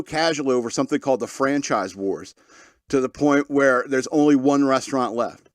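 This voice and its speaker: A man's voice: medium pitch, moderate pace, dry recording, clean studio sound. A man hosting a podcast, talking casually and rambling through his opinions with frequent restarts and chuckles. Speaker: podcast host.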